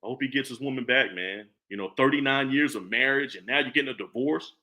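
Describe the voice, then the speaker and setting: A man in his forties giving a casual, preachy opinion monologue, animated and repetitive. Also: mid-range voice, fast talker. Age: 40s. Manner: animated, preachy, repeats himself. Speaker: commentary vlogger.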